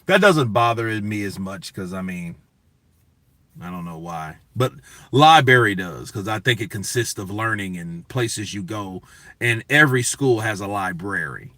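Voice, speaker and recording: Bright-voiced man ranting on a show. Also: on the low side, lively intonation, unhurried, dry recording. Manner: profane, emphatic, talks to chat. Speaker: boxing news show host. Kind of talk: casual commentary rant.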